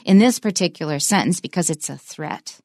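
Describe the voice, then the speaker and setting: Female English teacher, clear examples, dry close mic. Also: sits low, darkish tone, no echo. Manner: slow, emphatic example sentences. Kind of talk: bilingual English lesson.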